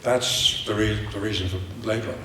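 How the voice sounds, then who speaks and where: Older man, Irish accent, lowish voice, rambling theatrical stories, echoey hall, distant mic. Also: normal speed, noisy background. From Ireland. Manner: rambling anecdotes, lively and theatrical. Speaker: panel guest actor. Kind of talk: convention panel storytelling. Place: large convention hall.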